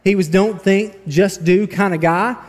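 A man's voice: sits high, fairly even intonation, measured pace, long reverb tail. A man preaching a sermon, telling a story with animation and reading scripture aloud. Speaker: pastor. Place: large church hall.

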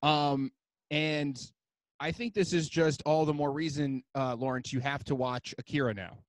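A man with a fairly high voice co-hosts a podcast in relaxed casual chat. He swears freely and breaks into laughs, and his voice sounds dry and close to the mic. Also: dry recording. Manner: loose and profane, quick to laugh. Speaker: podcast co-host.

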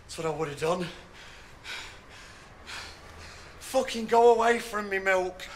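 A man's voice: high-pitched, animated, brisk. An actor playing a heartbroken young man who rages and pleads with his friends, swearing, in a television drama. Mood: bitter. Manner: sweary, pleading and shouting in distress. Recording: roomy with background noise.

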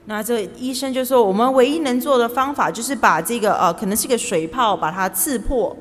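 A woman's voice: a little high, a little fast. A woman interpreting a sermon sentence by sentence, speaking plainly and steadily. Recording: church hall reverb.

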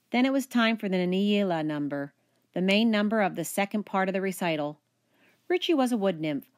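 Woman, teacher, reading a storybook aloud, expressive, animated, medium pitch. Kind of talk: picture book read-aloud.

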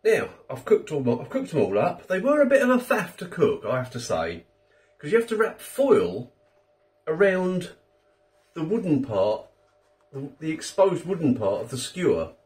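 Chatty British man with a lively voice. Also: a little high, moderate pace, recorded from a distance, soft background music. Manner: chatty, self-deprecating, rambling asides. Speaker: food reviewer, channel host. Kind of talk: casual chat food review.

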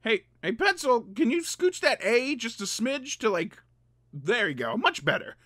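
A woman voicing an excitable, dramatic male cartoon pencil character, rambling and bursting into shouts over background music. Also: fairly high pitch, unhurried, dry recording, clean studio sound, heavily acted. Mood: frantic. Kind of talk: animated cartoon reaction commentary.

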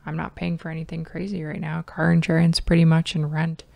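Woman cohost just chatting, kinda rambly, lowish voice, dry sound. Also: monotone, fairly quick, gravelly, a little mellow, no echo. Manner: rambling, chatty, trails off mid-thought. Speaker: podcast co-host. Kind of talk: casual chat.

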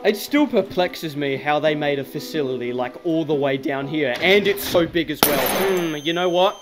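A man's voice: on the high side, lively intonation, moderate pace, few pauses, music in the background. A young man, giving crude, rambling, jokey commentary while playing a horror game. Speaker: gaming YouTuber.

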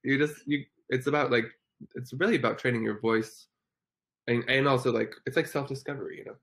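A young adult hosting a casual home livestream, reading viewer comments aloud, effusive and quick to laugh, sometimes cooing baby talk to a dog. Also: mid-range voice, steady tone, a bit bright. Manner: giggly and effusive, laughs often. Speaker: livestream host.

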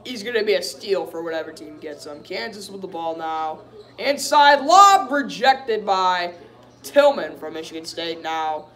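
Excitable young-sounding fan man calling a game. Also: high-pitched. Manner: excitable, frustrated partisan fan who keeps saying "dude". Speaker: fan reaction host. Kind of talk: live play-by-play fan reaction.

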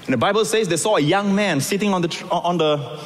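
A man preaching a sermon, acting out the scripture voices and moving between loud calls and soft, quiet lines. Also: sits high, brisk, long reverb tail. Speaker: pastor.

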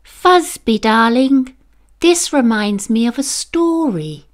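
A woman's voice: on the high side, animated, takes it slowly. A woman voicing a loving grandmother bee in a children's storybook, fond and coaxing.

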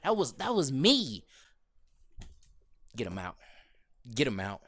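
A man hosting a gaming video, giving excited gameplay commentary, shouting at big plays and trash-talking in slang. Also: medium pitch, takes it slowly.

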